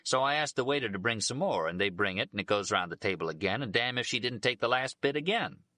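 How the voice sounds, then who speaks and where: A man voicing a brash, crude male ballplayer who tells loud, blunt stories in a raised voice. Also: mid-range voice, lively intonation, quick pace, dry recording, pitched above the performer's own voice. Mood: boisterous.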